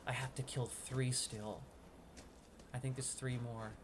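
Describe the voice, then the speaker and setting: A man giving casual gameplay commentary as a streamer, excitable, swinging from hushed sneaking talk to loud outbursts. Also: mid-range voice, measured pace, background noise. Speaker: gaming streamer.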